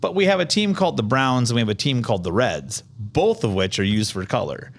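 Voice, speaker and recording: A man from Iowa hosting a podcast, talking casually in an animated, rambling, opinionated way. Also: medium pitch, brisk. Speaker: podcast host. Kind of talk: casual chat.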